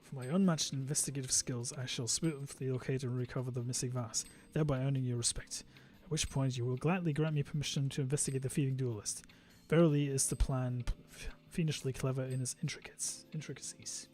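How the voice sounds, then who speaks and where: A pompous gentleman detective from a game proclaims everything grandly, in a theatrical, declaiming voice, as a man puts him on. Every line is a flourish. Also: medium pitch, steady tone, a little fast, hardly any pauses, close to an everyday voice.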